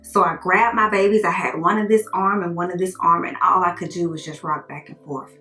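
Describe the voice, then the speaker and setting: A woman's voice: on the low side, brisk, faint music behind. Earnest woman telling her story, roomy sound. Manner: earnest, animated retelling with quoted dialogue. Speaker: vlogger telling a personal story. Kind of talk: casual storytime monologue.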